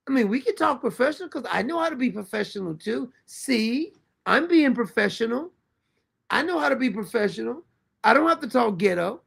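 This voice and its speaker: Gravelly high-voiced male show host. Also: animated, a little fast. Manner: incredulous, loud outbursts, frequent laughter. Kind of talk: commentary over played clips. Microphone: streaming mic.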